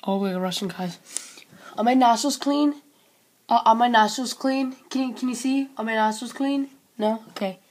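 A woman's voice: a little high, normal speed, a little mellow. A young woman chatting with strangers over a webcam, teasing them with mock-tough taunts. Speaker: chatroulette vlogger. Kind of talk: casual webcam chat.

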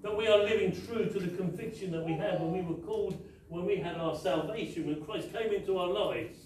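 A man delivers a sermon, pressing his point home with repeated rhetorical questions. His voice sits a little high. It rings through a very echoey church hall, caught from a mic some way off, with faint noise underneath. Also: a little fast, darkish tone, far from the mic. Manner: emphatic, repetitive rhetorical questions. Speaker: preacher.

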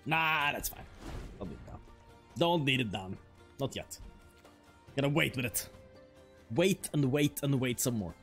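A man's voice: mid-range voice, animated, unhurried, long pauses, a bit bright, faint music behind. A man streaming a card game, chatting casually and joking as he plays. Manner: playful, joking, laughs often, mock-French asides. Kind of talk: casual gameplay commentary.

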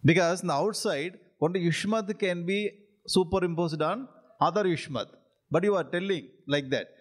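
A spiritual teacher with an Indian English accent and a high-pitched, lightly raised voice leads a scripture class. He recites Sanskrit lines slowly and deliberately, explains them in plain, repeated phrases, and chuckles while checking that his students follow.

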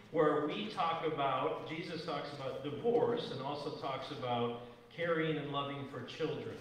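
A man's voice: a little high, slight background noise. Echoey far-off male pastor preaching. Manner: conversational, plainspoken preaching. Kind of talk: sermon with scripture reading. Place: church sanctuary. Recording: echoey church hall from far off.

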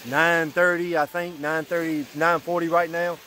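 Male fishing vlogger, high voice, breathless and excitable, riverbank at night, light background noise. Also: moderate pace. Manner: excitable, breathless after a catch, Southern "y'all" slang. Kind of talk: excited outdoor vlog talk.

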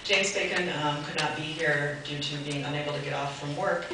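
A woman's voice: low voice, fairly even intonation, brisk, background noise. A woman presenting a convention bid, reading a prepared letter aloud to a panel and breaking off now and then to laugh and ad-lib. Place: convention meeting room. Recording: echoey hall from far off with loud ambience.

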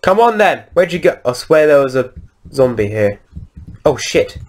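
Man hosting a gameplay video, mid pitch, rambling casual commentary while he plays. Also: animated, moderate pace, a little mellow. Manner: rambling, lots of ums and restarts while he plays.

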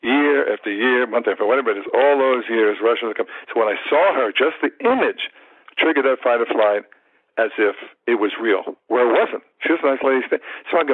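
Husky-voiced older man telling a story. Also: mid-range voice, brisk, no echo, poor audio. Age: 70s. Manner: animated storyteller, acts out quoted thoughts, repeats words. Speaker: guest, martial arts teacher. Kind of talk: storytelling in a podcast interview.

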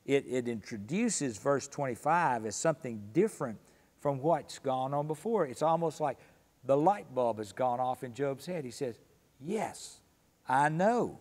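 A man teaching a Sunday school Bible study, explaining calmly and slowing down to read scripture passages with emphasis. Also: medium pitch, big-room sound. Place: church room.

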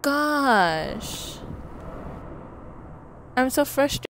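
A young woman streams a game in casual let's-play style, ranting at it in frustration between laughs and sighs. Her voice is high, a bit bright and lively, with drawn-out words. Game music plays behind her, and there's a little hiss or hum.

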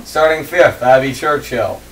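A man's voice: medium pitch, measured pace. Man calling a sim race from a distance. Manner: reads grid lines in a steady list, joking banter. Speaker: race commentator and host. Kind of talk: casual race commentary. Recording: distant mic with faint room noise.

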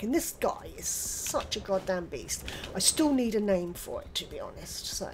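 An older British woman hosting her own gaming channel, chatting excitedly through gameplay and with friends on voice chat. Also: mid-range voice, a little hiss or hum. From United Kingdom. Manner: chatty, excitable, quick exclamations. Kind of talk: casual gameplay commentary.

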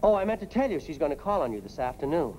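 A man's voice: fairly high pitch, big pitch swings, fast, a little mellow, a little hiss or hum, rough recording. An actor playing a flustered middle-aged father who stammers through his excuses, in 1950s sitcom style.

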